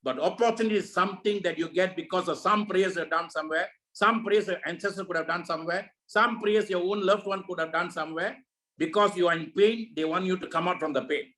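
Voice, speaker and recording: High-voiced preachy man lecturing. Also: brisk, pushed and bright, rough recording. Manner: preachy, repeats rhetorical questions. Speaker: network marketing leader. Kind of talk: motivational talk. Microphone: video call.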